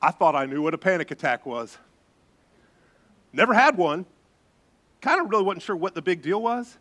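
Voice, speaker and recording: A middle-aged man preaching as a pastor, telling a story with lively voices and gasps. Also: high voice, moderate pace. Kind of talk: sermon storytelling.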